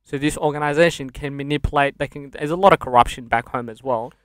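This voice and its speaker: A young man from Sudan, a podcast guest, candidly recounting a hard childhood in casual speech and laughing through dark memories. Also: medium pitch, fast, clear, resonant tone, no room sound, clean studio sound. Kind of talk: casual interview storytelling.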